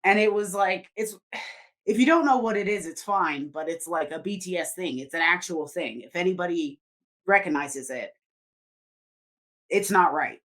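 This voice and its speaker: Woman, podcast co-host, lowish voice, rambling casual storyteller who swears a lot. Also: normal speed, fairly bright tone. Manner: rambling, filler-heavy, swears freely.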